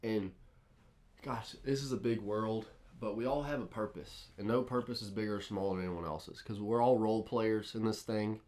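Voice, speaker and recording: A young man co-hosting a relaxed podcast with friends. His voice sits a bit low, and he tells stories with plenty of hype and sudden energy. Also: moderate pace. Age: young adult. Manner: excitable storyteller, lively and hype-driven. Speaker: podcast co-host. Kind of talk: casual podcast chat.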